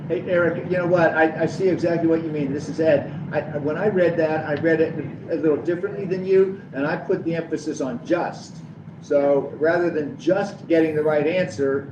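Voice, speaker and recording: A man at a meeting, agreeable and conciliatory, with a slightly higher voice. He is picked up from across an echoey room on a dull mic with steady background noise. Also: recorded from a distance. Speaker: meeting participant. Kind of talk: meeting discussion.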